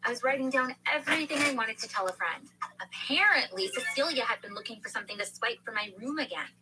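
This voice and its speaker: A woman's voice: a little high, expressive, fast talker, pushed and bright. A woman narrating a first-person dramatic story in an earnest manner. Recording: noisy background hiss.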